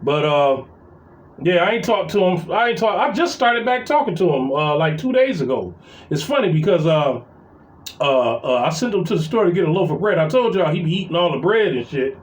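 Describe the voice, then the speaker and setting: Brief: middle-aged man, high voice, profane rambling rant, roomy echoey room. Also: sing-song, a little fast. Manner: profane, rambling, full of fillers and repeats. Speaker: vlogger venting about family. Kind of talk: casual storytelling rant. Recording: roomy echo.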